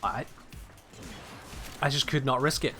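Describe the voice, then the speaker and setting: Chatty Southern English streamer. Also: male voice, mid-range voice, unhurried, pushed and bright, soft background music. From Birmingham, England. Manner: chatty, reads and answers viewer chat while playing. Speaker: gaming streamer. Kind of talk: casual live-stream chat.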